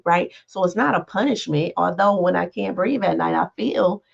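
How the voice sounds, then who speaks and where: A woman with a lowish voice and vocal fry speaks at normal speed with few pauses, the highs cut off in the recording. She hosts a podcast as a life coach, offering a casual, conversational motivational monologue with frequent "right?" and "all right" check-ins.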